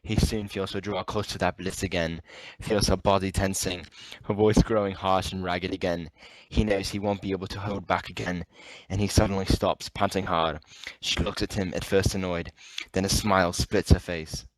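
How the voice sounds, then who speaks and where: A man's voice: low voice, level tone, normal speed, few pauses, no echo, poor audio. A man narrating an amateur story reading, stumbling over words now and then. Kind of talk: amateur reading of erotic fiction.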